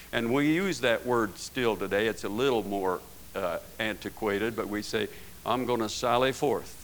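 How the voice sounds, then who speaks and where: Folksy guy preaching, keeps tossing in "see?" and "isn't it?", gets loud and emphatic at times, bit of gravel in his voice. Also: fairly low pitch, slight background noise, low-quality recording. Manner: folksy, ends points with tag questions like "see?". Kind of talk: sermon.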